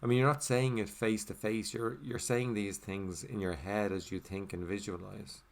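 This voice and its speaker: This English voiceover for a signed video comes from a very deep-voiced man reflecting casually in the first person, at normal speed with a steady tone and a creaky quality. He leans on fillers such as "you know" and "like," softening to a murmur for the meditation phrases.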